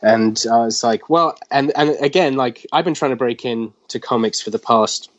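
A man's voice: medium pitch, moderate pace, dry recording. Young man telling a rambling story. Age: 20s. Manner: rambling, animated retelling with filler words. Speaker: guest, comic artist. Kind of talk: casual storytelling interview. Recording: dull lo-fi dry recording.

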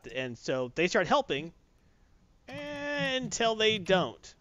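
A man casually recapping a comic book story on a podcast, acting out the characters' lines in quick voices. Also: high voice, sing-song, fairly bright tone, no room sound. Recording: dull lo-fi dry recording.

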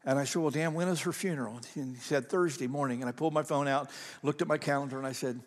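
A man's voice: mid-range voice, steady tone, fast talker. A man preaching a sermon as a pastor in a folksy, conversational way, often restarting his sentences, recorded in a church sanctuary. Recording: long reverb of a large hall.

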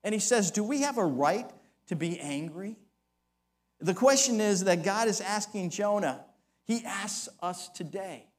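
Male pastor, high voice, dramatic sermon delivery with acted-out quotes. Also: lively intonation, unhurried.

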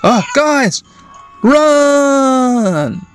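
A man voicing an eager young boy hero in a game, excitable and quick to act. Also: very high-pitched, clean tone, soft background music, voice pushed up, heavily acted. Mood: urgent.

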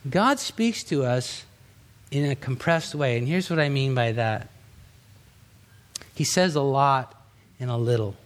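A middle-aged man preaching a sermon as a pastor, chatty and conversational, acting out quotes with sudden rises and hushed drops. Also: mid-range voice, lively intonation, a little slow, pauses often.

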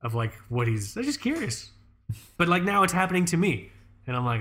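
A man's voice: high voice, very animated, fairly quick, a bit bright. Rambling, swearing man chatting casually. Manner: rambling, profane, lots of fillers and restarts. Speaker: podcast co-host. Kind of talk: casual chat.

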